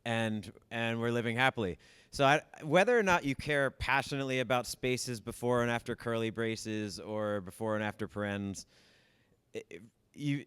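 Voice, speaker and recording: A man with a low, smooth, resonant voice gives a wry, conversational talk about tools. The sound is close and dry, with no room echo. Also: a bit bright. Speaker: meetup speaker. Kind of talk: casual tech talk.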